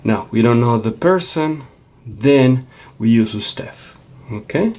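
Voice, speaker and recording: A man's voice: medium pitch, animated, takes it slowly, darkish tone. A man teaching a Spanish lesson, explaining patiently and checking in with a frequent "okay?". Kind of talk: classroom lecture.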